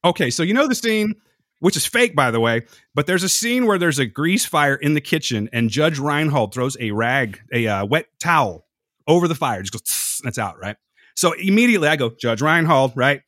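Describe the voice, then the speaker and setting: A podcast host with a fairly high, quick voice tells rambling, profane stories in a casual chat, animatedly jumping from one anecdote to the next. The recording is studio quality with no room sound.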